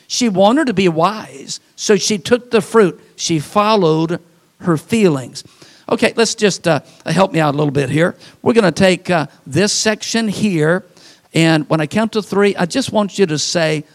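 A man's voice: high-pitched, moderate pace. A man in his sixties preaching a folksy sermon in a church, joking with the congregation and leading them in call-outs. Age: 60s. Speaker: pastor. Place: church sanctuary.

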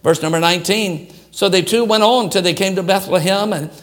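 A man preaching a sermon, moving from shouted appeals to quiet, hushed asides. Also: high-pitched, brisk. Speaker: pastor.

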